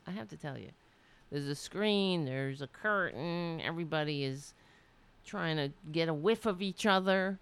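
A woman hosts a casual livestream from her home desk, talking candidly and swearing now and then. Her voice is low with a gravelly fry. She speaks slowly, and her pitch swings widely. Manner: candid, chatty, laughs easily, swears casually. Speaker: political livestream host. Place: home room.

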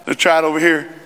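A man preaching a sermon as pastor, in a conversational style with quick asides and rising emphasis. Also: a little high, pushed and bright, a little hiss or hum. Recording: long reverb in a large hall.

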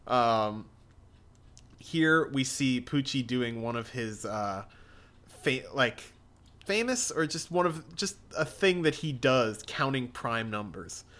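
A man reads a comic aloud with a friend in a loose, rambling way, restarting his sentences and giggling often. His voice is bright and sharp and moves animatedly in pitch. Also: expressive, takes it slowly. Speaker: co-reader. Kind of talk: casual reading and reacting to a comic.

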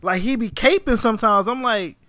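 Bright, animated male podcast guest. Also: high voice, fairly quick, dry recording. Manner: loose and animated, lots of "like". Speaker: podcast guest, webcomic creator. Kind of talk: casual podcast conversation.

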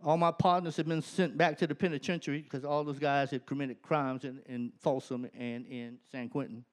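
A man telling his personal testimony to an audience, animated and often laughing mid-sentence as the story builds. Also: medium pitch, normal speed. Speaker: speaker giving a personal testimony.

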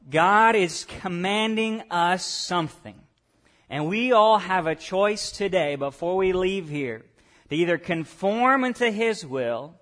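A pastor preaching a sermon to a church congregation, asking them direct questions and moving between quiet asides and loud emphatic points. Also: male voice, sits high.

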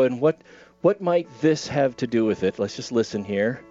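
A man's voice: mid-range voice, expressive, normal speed, warm tone, muffled recording. A man hosting a radio talk show in a studio, jokey and self-mocking, laughing often.

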